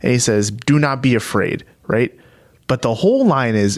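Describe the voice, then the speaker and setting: Lively man retelling scripture casually. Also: medium pitch, moderate pace. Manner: storytelling, animated, laughs often, acts out quotes. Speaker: podcast co-host. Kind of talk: casual faith podcast chat.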